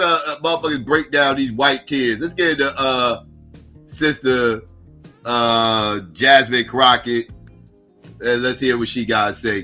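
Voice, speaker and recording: A man hosting a livestream, ranting in a loud, mocking, heavily profane way. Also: medium pitch. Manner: heavy cursing, mocking, loud bursts. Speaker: livestream host. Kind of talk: profane political rant.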